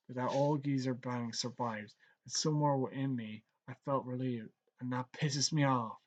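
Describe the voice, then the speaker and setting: An actor playing a surly young man who hunts heroes, gruff and scornful, given to cursing. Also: mid-range voice, lo-fi sound, close to an everyday voice. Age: young adult.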